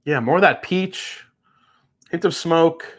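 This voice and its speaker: A man's voice: on the high side, slow pace. A man hosting a live whiskey tasting stream, chatting casually and swearing now and then. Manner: laid-back, swears casually, laughs easily. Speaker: whiskey reviewer, livestream host.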